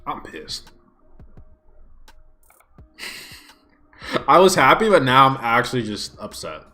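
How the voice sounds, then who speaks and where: A young man ranting in a casual livestream, exasperated and swinging his pitch widely, recorded on a smartphone. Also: very animated, slow, sharp tone. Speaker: YouTuber streaming a watch party.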